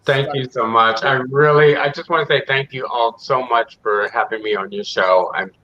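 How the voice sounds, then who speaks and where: A male guest talks frankly and graciously over a video call. His mid-range voice sounds bright, and the call audio has a dull, lo-fi quality. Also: mid-range voice, steady tone, moderate pace, a little hiss or hum. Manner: gracious and candid. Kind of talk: casual video-call chat.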